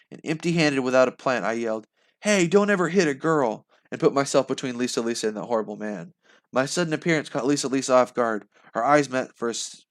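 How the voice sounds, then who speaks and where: A man reading a novel aloud live for the first time, expressive, with slips and restarts. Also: medium pitch. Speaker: channel host reading aloud.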